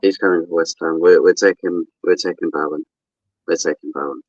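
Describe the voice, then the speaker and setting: A man's voice: sits low, steady tone, brisk, no echo, muffled recording. A man bantering in a casual football chat, playful and mock-theatrical.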